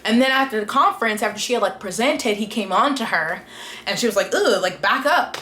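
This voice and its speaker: A woman's voice: medium pitch, fast talker, a little hiss or hum. Exasperated woman ranting, echoey room. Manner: animated, exasperated, acts out characters' lines. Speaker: book reviewer. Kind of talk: casual ranting book review.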